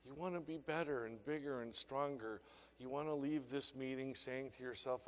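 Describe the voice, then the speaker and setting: A man's voice: mid-range voice, normal speed. An older man giving an emotional, emphatic motivational speech to a conference audience. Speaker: keynote speaker. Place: large conference hall. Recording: reverberant hall sound.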